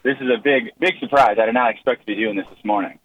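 Young man, caller, rapid speech, mock-offended teasing. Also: medium pitch, lo-fi sound. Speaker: caller, co-host's brother.

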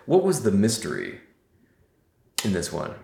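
A man's voice: fairly low pitch, huge pitch swings, a little slow, creaky, darkish tone. A man co-hosting a casual book podcast who speaks in a dry, critical way. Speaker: podcast co-host. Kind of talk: casual book-club chat. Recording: roomy echo.

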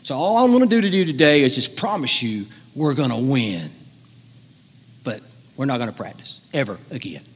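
A man's voice: mid-range voice, sing-song, moderate pace, husky, big-room sound. A man doing a drawling fired-up football coach. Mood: rousing. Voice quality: exaggerated country drawl. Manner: pep-talk delivery, boastful and rousing. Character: fired-up folksy male college football coach.

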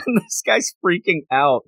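Man, casual podcast chat, lively swooping pitch, slightly high voice, dry close sound. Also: unhurried, vocal fry, breathy edge, no echo. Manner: animated storytelling, acts out characters' lines, laughs often. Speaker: comic book podcast co-host. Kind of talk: casual chat recapping a comic.

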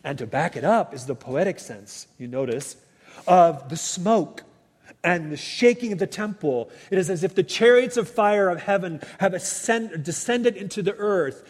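A man preaching a sermon as pastor, animated, asking the listeners rhetorical questions. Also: sits high, normal speed. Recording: long hall reverb.

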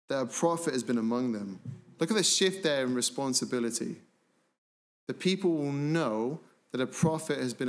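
A man preaching a sermon as pastor, emphatic, slowing down and dropping low and quiet on key words. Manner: slows down to stress phrases.

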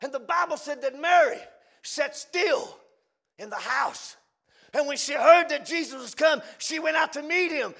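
A preacher delivering a fiery revival sermon in a strikingly high, gravelly voice. His tone is bright and tense, and he swings from shouted lines down to hushed, drawn-out phrases.

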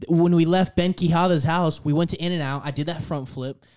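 A man's voice: fairly high pitch, fairly even intonation, fairly quick, darkish tone. A man, co-hosting a podcast, telling rambling stories full of swearing and laughter. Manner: rambling, laughing mid-story, heavy swearing. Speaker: podcast co-host. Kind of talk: casual storytelling chat. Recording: podcast studio before a live audience.

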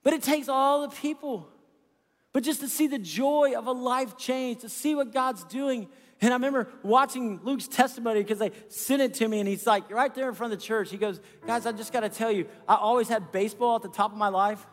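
High-voiced pastor preaching in a hall. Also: male voice, a little fast. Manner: storytelling, earnest and animated. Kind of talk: sermon. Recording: long hall reverb with faint music.

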